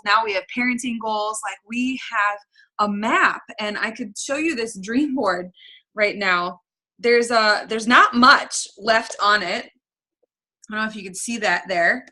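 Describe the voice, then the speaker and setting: Young woman on a video call hyping up her team, bright voice, keeps repeating herself for emphasis. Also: medium pitch. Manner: emphatic, repetitive, coaching the audience directly. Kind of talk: motivational pep talk.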